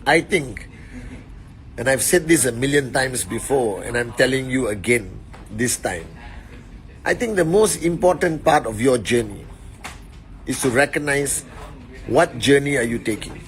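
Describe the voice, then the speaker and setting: A man hosting a motivational live stream on his phone indoors, greeting viewers warmly and giving shout-outs. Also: medium pitch, expressive, unhurried, long pauses. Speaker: network marketing leader.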